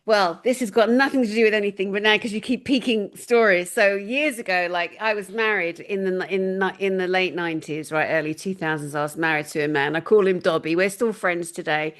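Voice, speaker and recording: A woman hosting an interview, chatting casually and telling stories with animated exclamations and laughter. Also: mid-range voice, a little fast, few pauses. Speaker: host.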